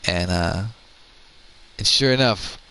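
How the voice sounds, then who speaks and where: A man's voice: deep voice, slow pace, sharp tone, clear, resonant tone, no room sound, low-quality recording. A man in his thirties telling a rambling, profane story in casual chat. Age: 30s.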